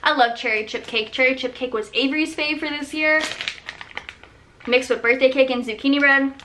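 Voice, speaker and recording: A woman in her thirties shows off products in a casual vlog. Her voice is bright and a little high, and she gushes with enthusiasm, often trailing into soft, breathy murmurs. A faint noise sits behind her. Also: moderate pace. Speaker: small business owner showing products.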